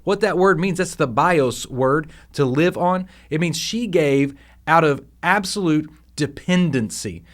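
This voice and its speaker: A man hosting a devotional podcast, teaching scripture in a casual, animated way with frequent restarts. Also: a little high, a little slow. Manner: conversational, animated, with fillers and restarts.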